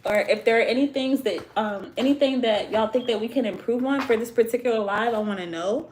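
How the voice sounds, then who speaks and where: A woman's voice: on the high side, fairly quick, a little mellow, slight background noise. A young woman from Virginia hosting a tarot live stream, chatting in a loose, slangy, profane way. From Virginia, USA. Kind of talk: casual live-stream chat.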